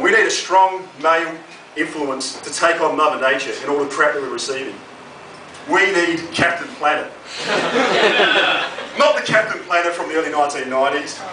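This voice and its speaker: Brash Australian stand-up comic in a club. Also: male voice, on the high side. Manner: crude, brash and sardonic. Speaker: stand-up comedian. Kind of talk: stand-up comedy set. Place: comedy club stage. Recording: roomy, distant live club recording with audience noise.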